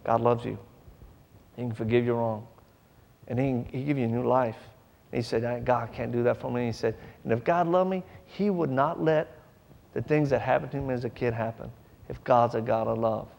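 A man's voice: mid-range voice, moderate pace, gravelly, big-room sound. A man preaching a sermon, telling a story in a folksy way and acting out the voices of the people in it. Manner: animated, acts out voices in his stories; folksy, drawling informal speech.

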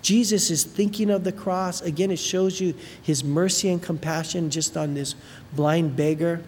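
A preacher gives an animated sermon, retelling a story with casual asides. The voice rings through a large hall with a long reverb, and faint noise sits underneath. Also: medium pitch, moderate pace. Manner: animated storytelling, many fillers.

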